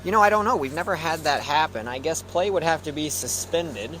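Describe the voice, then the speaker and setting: A man's voice: fairly high pitch, expressive, a little fast, background noise. A man roaming a golf course at night, doing jokey, upbeat mock interviews for a live stream. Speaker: roving interviewer.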